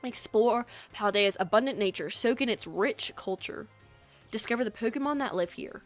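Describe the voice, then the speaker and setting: A woman's voice: fairly high pitch, normal speed, faint music behind, lightly acted. A woman reading a formal school head's speech to students in a put-on British accent. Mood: solemn.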